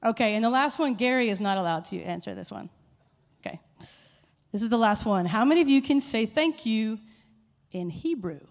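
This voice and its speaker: A woman's voice: a little high, normal speed, long pauses. Playful woman quizzing a church crowd. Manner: playful, quizzing the audience, animated. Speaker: worship leader giving a short church talk. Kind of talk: informal sermon with audience call-and-response. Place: church hall with a live congregation. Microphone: handheld microphone. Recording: long hall reverb.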